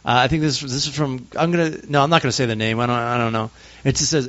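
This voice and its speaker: A man's voice: medium pitch, fairly even intonation, fast talker, fairly bright tone. A man co-hosting a casual comedy podcast, bantering with plenty of swearing and laughter. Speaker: podcast co-host. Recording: dull lo-fi sound.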